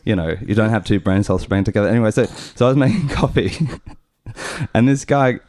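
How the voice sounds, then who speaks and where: A man's voice: lowish voice, fast, darkish tone. An Australian man from Brisbane, a musician guest telling rambling stories in casual chat, full of fillers and restarts.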